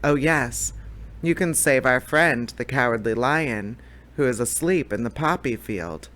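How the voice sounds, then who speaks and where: A man's voice: medium pitch, animated, unhurried, a bit bright. A man reading aloud, voicing a friendly, eager male scarecrow in a storybook.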